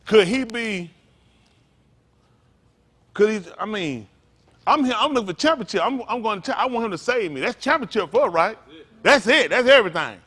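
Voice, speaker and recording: A man preaching an interactive sermon, calling out to his congregation in with a lively, animated manner. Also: high-pitched, moderate pace, long pauses. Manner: animated, calls out to the congregation, folksy vernacular. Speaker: pastor.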